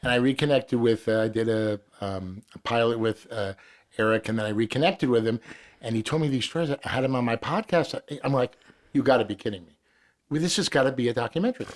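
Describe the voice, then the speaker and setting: A man's voice: medium pitch, quick pace. A man in casual podcast chat, telling a long bar anecdote with profanity and acted-out quotes.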